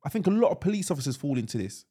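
A man co-hosting a podcast, his voice set slightly high and swinging widely up and down. He rambles, restarts his sentences and drops slang as he goes. The talk stays casual and unscripted. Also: sing-song, very fast, warm tone, slightly rough. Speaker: podcast co-host. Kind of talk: casual chat.

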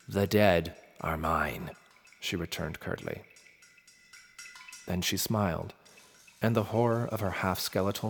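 A man narrating a myth in a measured, dramatic storytelling manner. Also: fairly low pitch. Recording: long reverb with faint music.

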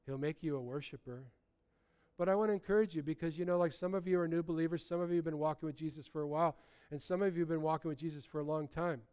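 High-voiced smooth-toned male preacher. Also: fast. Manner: animated, conversational preaching with repeated restarts. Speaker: pastor. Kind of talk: sermon.

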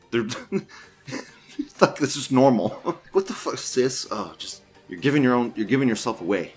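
A man's voice: medium pitch, animated, moderate pace, soft background music. A man hosting a show, reading forum posts aloud with crude, mocking commentary and frequent laughter. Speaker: host.

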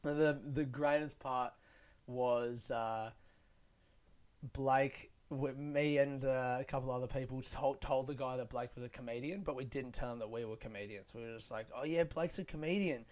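Young male comedian, sardonic and profane storyteller, clean smooth tone. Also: mid-range voice, steady tone, normal speed, darkish tone. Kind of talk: casual comic storytelling.

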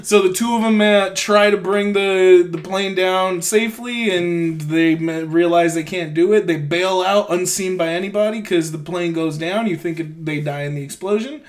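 A man's voice: high-pitched, moderate pace, hardly any pauses. A man co-hosting a casual movie recap chat, swearing often and laughing as he mocks the plot. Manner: profane, laughing, mocking. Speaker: podcast co-host.

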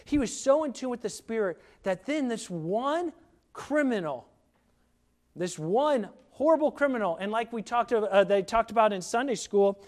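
A man preaching a sermon, earnest and emphatic, repeating key words for weight. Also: high-pitched.

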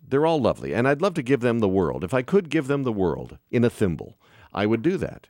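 Lively, self-mocking male radio host. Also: mid-range voice, a little fast, no room sound, studio quality. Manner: self-deprecating, jokey, animated. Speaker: radio talk show host. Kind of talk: casual on-air banter. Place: radio studio.

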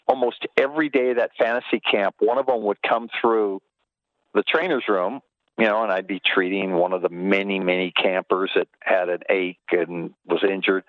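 An older man from Los Angeles who used to be a baseball trainer tells stories in a casual chat, animatedly putting on voices for the people in them. His voice is fairly low, and the lo-fi recording has no echo.

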